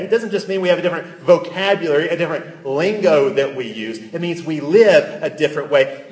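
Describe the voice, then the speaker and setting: Man, pastor, sermon, earnest, emphatic, fairly high voice, echoey church hall. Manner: earnest preaching with emphatic rises.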